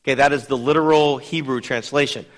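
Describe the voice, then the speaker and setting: A man teaching a Bible study in a lively, conversational way, putting questions to his listeners. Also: mid-range voice, fast talker, big-room sound. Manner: lively, asks the audience questions.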